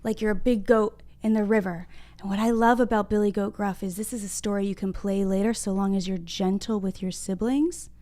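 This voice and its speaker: A woman's voice: medium pitch, steady tone, a little fast, mellow. A young adult woman teaching a read-aloud lesson to young children, upbeat and addressing them directly as friends. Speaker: kindergarten reading teacher.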